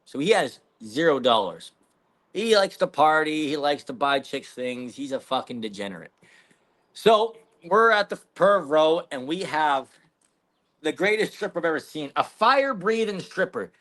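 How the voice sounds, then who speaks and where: A man's voice: fairly high pitch, big pitch swings, normal speed, fairly bright tone. A man, a podcast guest telling a rambling, profane story in casual chat. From Canada.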